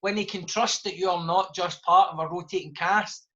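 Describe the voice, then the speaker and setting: A man's voice: sits high, fairly even intonation, moderate pace, fairly bright tone. A Scottish man, a guest author, talking fluently and passionately in a live podcast discussion. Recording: dull lo-fi sound.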